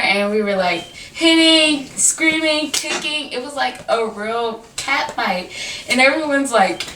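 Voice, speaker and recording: A young woman tells a personal story to her camera, chatty and animated, leaning on fillers. Her voice sits a little away from the camera mic in a roomy, echoing space with faint noise behind. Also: on the high side, distant mic. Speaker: vlogger. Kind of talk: casual storytime vlog. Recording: echoey room, voice a bit off-mic.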